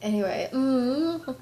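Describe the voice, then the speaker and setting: A woman's voice: mid-range voice, mellow. A woman vlogger with a fever, chatting casually and rambling, with frequent laughter. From United States. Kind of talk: casual vlog chat.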